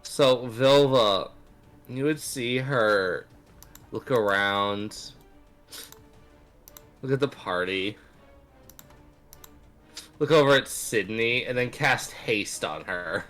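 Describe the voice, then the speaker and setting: A man narrating a tabletop game as game master, animated and casual, laughing often. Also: medium pitch, slow pace, pauses often, soft background music.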